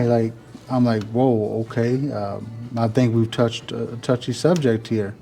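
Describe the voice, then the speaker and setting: A man's voice: mid-range voice, a little slow, creaky, faint music behind. A man, telling a rambling story to his vlog audience in a casual way, full of "like" and "you know". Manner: rambling, filler-heavy, animated when retelling. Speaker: vlogger.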